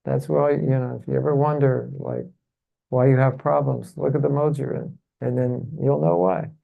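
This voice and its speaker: Speaking in a mid-range, fairly even voice with vocal fry, this seminar speaker moves at a normal speed, and the sound is phone quality. He's teaching a devotional seminar to a live audience in a temple hall, posing rhetorical questions, repeatedly asking "isn't it?", and getting the room to repeat phrases back in call-and-response.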